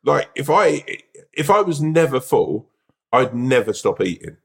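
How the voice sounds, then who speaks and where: A man co-hosting a podcast, telling stories in casual, animated chat with plenty of swearing. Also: medium pitch, a little slow, gravelly. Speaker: podcast co-host.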